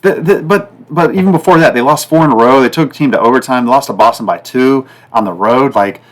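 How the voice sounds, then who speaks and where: A man hosting a sports betting podcast, talking in a loose, rambling flow. He leans on fillers and says the same thing twice, and his voice keeps swinging up and down in pitch and loudness from one phrase to the next. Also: quick pace. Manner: rambling, repetitive, fillers like "like" and "guys". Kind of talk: casual betting talk.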